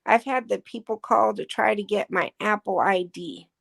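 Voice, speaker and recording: Brief: woman, relaxed chatter, deep gravelly fry throughout. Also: moderate pace. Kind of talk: casual chat.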